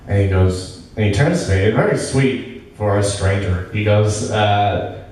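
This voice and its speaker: A man doing a stand-up comedy set on stage, talking in a halting, rambling way with lots of restarts. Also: lowish voice, darkish tone, slight background noise. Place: small comedy venue stage. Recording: very echoey room, mic from a distance.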